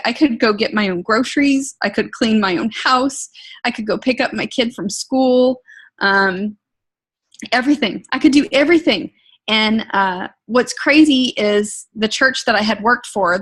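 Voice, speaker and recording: A woman giving an emotional, earnest personal testimony, talking in a lively storytelling way. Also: a little high, a little slow. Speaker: product testimonial speaker.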